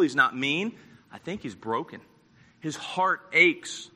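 A man preaching a sermon, telling a story dramatically and acting out quoted lines, moving between loud passages and hushed ones. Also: a little high, lively intonation, slow, breathy edge.

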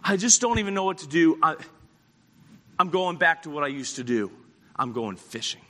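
A man preacher acting out a discouraged fisherman disciple who speaks in a quiet, faltering way. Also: sits high, fast talker, in a large hall. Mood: lost.

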